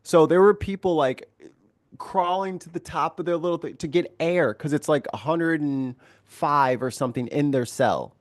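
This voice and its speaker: A man's voice: on the high side, dry recording, studio quality. A man from the United States on a casual panel chat, opinionated and jokey. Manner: opinionated, jokey, quick to tease. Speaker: panel guest.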